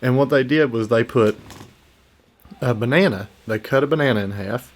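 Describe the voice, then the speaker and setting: A man's voice: mid-range voice, normal speed. A man co-hosting a podcast, bantering in a blunt, profane way. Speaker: podcast co-host. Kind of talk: casual chat.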